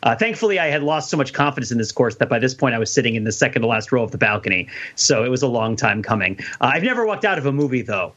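A man's voice: medium pitch, fast talker, few pauses. A man co-hosting a podcast, telling an anecdote with lots of laughter. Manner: animated storyteller, laughs often. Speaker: podcast co-host. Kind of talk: casual podcast chat. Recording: dull lo-fi audio.

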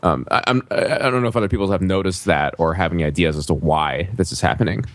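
A man's voice: sits low, quick pace, dry recording. A man in a casual chat who hesitates with many "um"s before he makes his point.

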